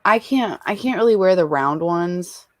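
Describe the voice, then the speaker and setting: A woman's voice: on the low side, lively intonation, normal speed, no room sound. A woman guest in a casual chat, blunt and cheeky, swearing freely.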